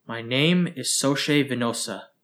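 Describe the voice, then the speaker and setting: A courteous tentacled alien, speaking with careful, measured formality, as a male narrator reads him. His voice stays even and low-key throughout, in the manner of a storybook. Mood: solemn.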